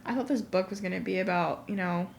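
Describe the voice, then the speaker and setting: A woman's voice: mid-range voice, fast, vocal fry, slight background noise. A young woman co-hosting a book club podcast in casual chat, emphatic and candid, agreeing often. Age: young adult.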